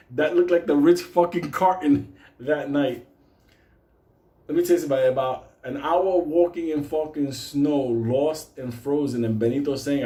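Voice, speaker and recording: Laughing through his funny story, this man from Puerto Rico talks casually and profanely with lots of animation. His voice is medium-pitched, his pace normal, and the room echoes noticeably.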